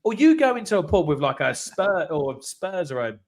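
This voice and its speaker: Teasing male co-host, fairly high and animated. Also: moderate pace. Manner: teasing, jokey. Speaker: podcast co-host. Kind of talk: casual football podcast chat.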